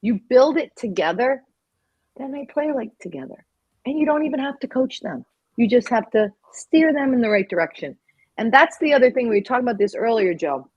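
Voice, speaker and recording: A woman hockey coach speaking as a guest, outspoken and energetic. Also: a little high, husky, no echo. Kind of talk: casual interview talk.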